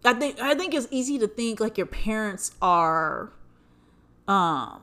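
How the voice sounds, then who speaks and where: Brief: young woman, solo podcast host, casual monologue, swears freely, animated and joking. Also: medium pitch, unhurried. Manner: profane, animated, joking asides.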